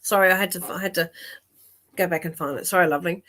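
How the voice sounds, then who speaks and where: A woman's voice: lowish voice, steady tone, fast talker, fairly bright tone. A woman hosting a live psychic reading stream, chatty and laughing often, with many fillers and restarts. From Australia.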